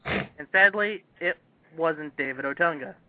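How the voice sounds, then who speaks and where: A man's voice: on the high side, measured pace, no room sound. A man hosting a casual chat show, steering the talk and putting questions to the others. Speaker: podcast host. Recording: tinny phone-like line.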